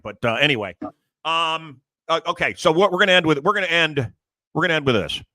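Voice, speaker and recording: A man's voice: fairly high pitch, expressive, fast, sharp tone. A man hosting a talk show, chatting casually in a rambling, emphatic way with many restarts. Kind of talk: casual interview chat.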